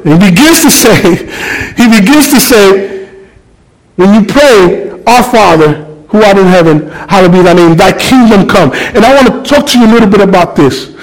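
A middle-aged pastor with a high voice delivers a passionate sermon. He moves between ringing calls and quiet, low, heartfelt moments. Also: expressive, normal speed, rough recording. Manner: passionate preaching, shifts between loud calls and soft low reflection.

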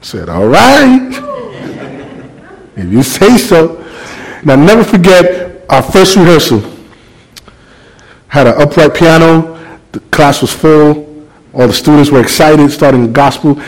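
Brief: middle-aged man preaching, fairly high voice, lively storyteller who quizzes the congregation. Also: normal speed, rough recording. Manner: animated, acts out dialogue, rhetorical questions to the congregation. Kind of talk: sermon with storytelling.

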